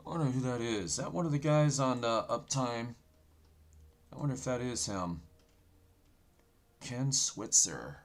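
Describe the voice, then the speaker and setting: A man hosting an end-times prophecy channel, talking loudly and excitedly while browsing news, with a sore throat and a habit of saying "folks". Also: medium pitch, measured pace, pauses often. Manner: loud and excited, often yelling, says "folks" constantly.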